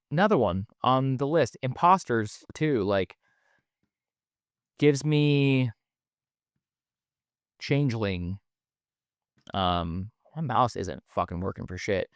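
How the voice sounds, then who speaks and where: A man's voice: medium pitch, lively intonation, takes it slowly, long pauses, clean tone, no room sound, studio quality. A man hosting a solo podcast in a casual, rambling way, with lots of fillers and the odd swear word. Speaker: podcast host.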